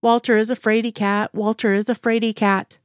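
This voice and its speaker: A woman voicing a playful, energetic female agent who coaxes and teases in a sing-song way, in an audiobook reading. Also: medium pitch, moderate pace, dry recording, studio quality, natural voice. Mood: teasing. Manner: coaxing, sing-song teasing.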